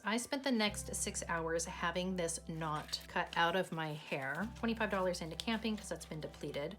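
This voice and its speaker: Female budget vlogger with a lower voice, chatty and storytelling, drops dollar figures mid-story over faint music. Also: a bit bright. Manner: chatty, breaks into laughs, reads out dollar amounts between story beats. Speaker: budgeting channel host. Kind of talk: casual vlog storytelling.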